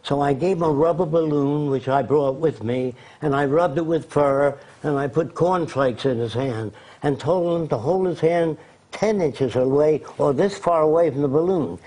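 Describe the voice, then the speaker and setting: Older man with a husky voice. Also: a little high, normal speed, dark tone, poor audio. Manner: storytelling, anecdotal. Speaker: interview guest. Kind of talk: conversational interview.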